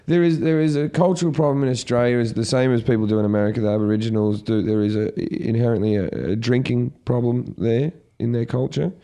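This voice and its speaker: A comedian telling a story in casual chat, acting out shouts as he goes. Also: mid-range voice, quick pace, hardly any pauses. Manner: animated, acts out shouts in his stories.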